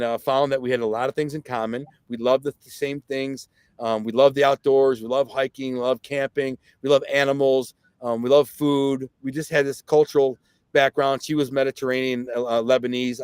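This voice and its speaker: A man's voice: mid-range voice, no echo. A man telling his life story as a podcast guest, casually and animatedly, with lots of fillers and restarted sentences. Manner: animated, reenacts others' words.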